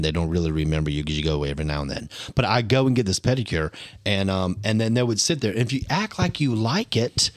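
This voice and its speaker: A man hosting a podcast, telling stories in a candid casual chat with gasps and drawn-out exclamations. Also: fairly low pitch, no echo, clean studio sound. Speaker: podcast host.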